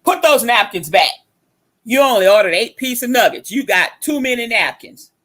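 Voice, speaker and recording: A woman's voice: high-pitched, slow pace, fairly bright tone, pitched above the performer's own voice, heavily acted. A woman voicing a scolding older female restaurant worker, curt and bossy.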